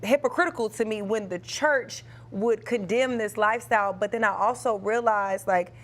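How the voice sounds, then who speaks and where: A woman's voice: mid-range voice, moderate pace. A young adult woman co-hosting a talk show, sharing her experiences in an earnest, reflective way. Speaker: co-host.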